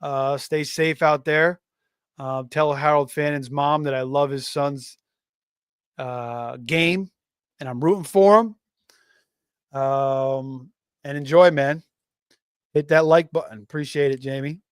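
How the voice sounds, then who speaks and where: A man's voice: fairly high pitch, steady tone, slow pace, pauses often, clear, resonant tone, no echo, studio quality. Rambling man chatting on a live stream. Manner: rambling, many fillers and restarts, reads chat aloud. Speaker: fantasy football livestream host. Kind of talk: casual live-stream chat.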